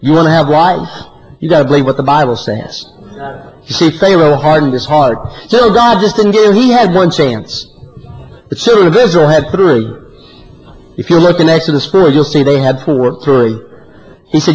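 A man preaching a sermon, swinging from loud high climbs to low quiet drops. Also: moderate pace, rough recording. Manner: animated preaching, often rising high and loud, then dropping low.

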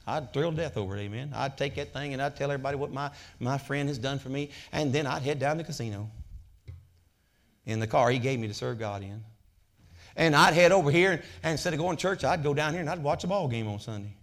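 A man preaching a sermon as a pastor, swinging from loud exhortation to quiet storytelling, with interjections of amen. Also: medium pitch, fast talker.

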